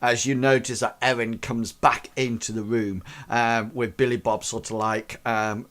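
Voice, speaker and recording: A man's voice: mid-range voice, little pitch movement, unhurried, a bit bright. A man narrating a tabletop game as game master, rambling with many fillers.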